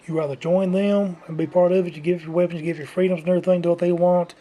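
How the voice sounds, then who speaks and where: A vlogger delivers an unscripted, repetitive rant that lectures his viewers. His voice is high and mellow, with a steady tone and a quick pace.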